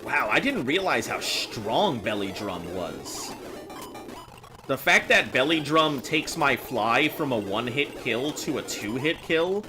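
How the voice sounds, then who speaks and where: A man chatting casually with viewers while he plays, rambling and thinking out loud. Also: medium pitch, sing-song, slow pace. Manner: rambling, talks to chat while playing. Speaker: game streamer. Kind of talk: casual live-stream chat. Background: game music.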